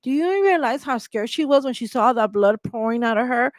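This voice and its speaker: A woman's voice: a little high, expressive, a little fast, dry recording. Impassioned woman host, dry close sound. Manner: emphatic, repetitive, rhetorical questions, heated. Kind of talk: impassioned commentary monologue.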